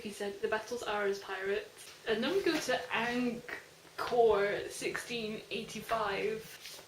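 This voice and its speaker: Young female book vlogger, excitable and chatty, fairly high voice; echoey room with a little background noise. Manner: gushing, fast and animated, heavy use of "like". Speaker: book reviewer. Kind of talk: casual book review chat.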